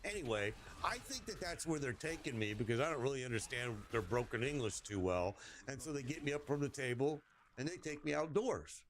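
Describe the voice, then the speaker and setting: Animated rambling man telling a story. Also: medium pitch, a little fast, slight background noise. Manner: animated, rambling, swears casually. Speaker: gaming streamer telling a story. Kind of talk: casual storytelling while gaming.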